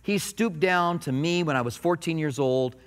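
A man preaching a sermon as a pastor in a church, animated and joking, with playful asides. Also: fairly high pitch, normal speed, long reverb tail. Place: church sanctuary.

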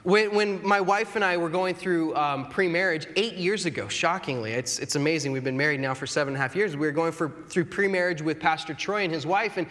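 A man's voice: on the high side, brisk, hardly any pauses, fairly bright tone. A man in his thirties preaching a sermon in a conversational, earnest way, with self-deprecating humor. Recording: long hall reverb.

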